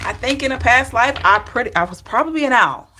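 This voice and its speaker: A woman's voice: a little high, heavy background noise. A middle-aged woman with a Southern drawl giving a chatty live-stream tarot reading, laughing and greeting her viewers. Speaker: tarot reader.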